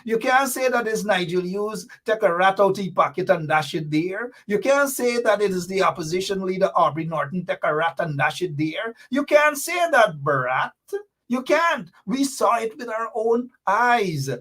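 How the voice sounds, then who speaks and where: Give me a middle-aged Guyanese man with a high voice, hosting political commentary with sarcastic, repeated jabs. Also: moderate pace, few pauses, a bit bright.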